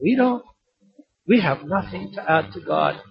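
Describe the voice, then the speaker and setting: Animated preacher man, lo-fi recording. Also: high-pitched, measured pace, gravelly. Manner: animated, rising to emphatic shouts on key lines. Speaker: pastor. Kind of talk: sermon with told jokes. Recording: dull lo-fi sermon recording.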